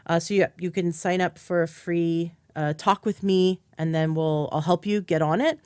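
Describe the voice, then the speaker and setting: A woman host who talks in an eager, chatty stream and sometimes acts out what others said. Her voice sits a little low. The sound is close and dry, with no room around it. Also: steady tone, moderate pace, darkish tone, clean tone, dry recording. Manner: enthusiastic, chatty, acts out quoted speech. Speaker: podcast host and health coach. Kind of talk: casual interview chat.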